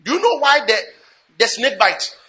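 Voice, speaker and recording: A man preaching a sermon, his voice sitting high and sounding bright and forceful. He swings dramatically between loud bursts and hushed lines. He switches between two languages. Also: big pitch swings, normal speed. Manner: switches between English and Twi, dramatic swings in pitch and volume. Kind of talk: sermon with interpreter.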